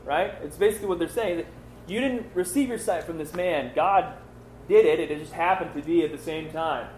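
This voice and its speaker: A man's voice: on the high side, brisk, darkish tone, roomy sound, slight background noise, low-quality recording. A man teaching through a Bible passage in a casual, conversational way, full of fillers and rhetorical questions.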